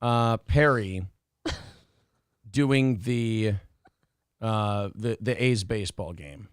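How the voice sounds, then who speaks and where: A man's voice: lowish voice, very slow, smooth, no room sound, clean studio sound. A slightly drunk man hosting a casual live stream, rambling and fumbling with lots of fillers. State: a little drunk. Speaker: podcast host.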